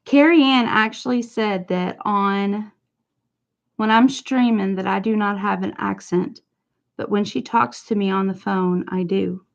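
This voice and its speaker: A woman's voice: medium pitch, steady tone, measured pace, gravelly, lo-fi sound. A woman streamer chatting casually while she paints, playfully teasing and answering her chat.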